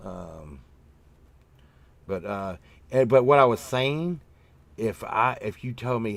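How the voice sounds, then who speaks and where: A man's voice: fairly low pitch, animated, takes it slowly, vocal fry, long pauses, fairly bright tone. A man hosting a casual show, telling meandering stories with lots of fillers and the odd swear word. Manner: acts out his own past remarks in a raised voice. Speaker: host. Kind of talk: casual rambling chat.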